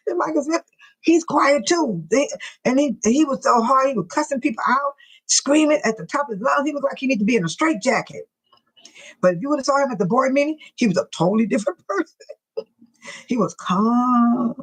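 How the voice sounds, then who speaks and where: A woman's voice: high-pitched, lively intonation, fast, low-quality recording. A woman hosting a casual live stream, greeting viewers by name and reading out their comments, often laughing and teasing.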